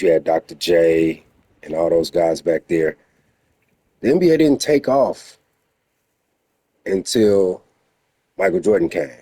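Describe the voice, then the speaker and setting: A man's voice: low voice, dark tone, breathy edge, no room sound. A man giving blunt, emphatic reaction commentary in a lecturing tone.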